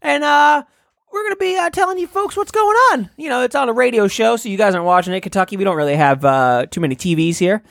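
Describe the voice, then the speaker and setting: A man voicing an excitable male parade radio announcer who rambles in hyped, shouty patter. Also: high voice, fast talker, vocal fry, no room sound, studio quality, voice pushed up, heavily acted. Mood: excited. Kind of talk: improvised comedy bit.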